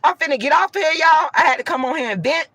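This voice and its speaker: A woman venting loudly and emphatically to her viewers, repeating herself as she talks. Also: high voice, lively intonation, fast talker, no room sound, poor audio. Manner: loud, emphatic and repetitive. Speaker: vlogger.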